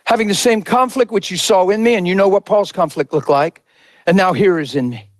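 A male preacher delivering an impassioned sermon that swings between shouted lines and soft, intimate asides. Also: high-pitched, a little fast, no room sound.

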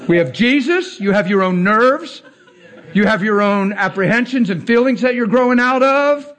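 A male preacher delivering a casual, storytelling sermon, animated and slangy, often laughing as he talks. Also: sits high, normal speed.

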